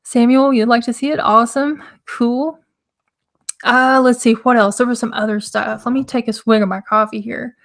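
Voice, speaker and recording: A young woman hosting a casual live stream, her throat hoarse and scratchy, chatting loosely and greeting viewers in the chat. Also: on the high side, fairly even intonation, moderate pace. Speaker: livestream host.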